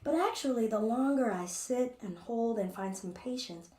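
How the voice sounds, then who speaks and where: A woman's voice: on the high side, animated, normal speed, mellow, slight background noise. A woman teaching a live yoga class, chatty and playful as she talks through her own movements. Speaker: yoga instructor. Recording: echoey room, distant mic.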